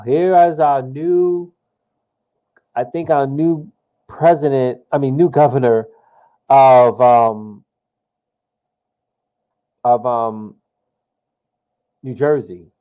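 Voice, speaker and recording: Heard over phone-quality audio, a man with a mid-range voice plays a political simulation game and offers casual live commentary. He thinks out loud, full of fillers and restarts, and keeps exclaiming slang like "yo."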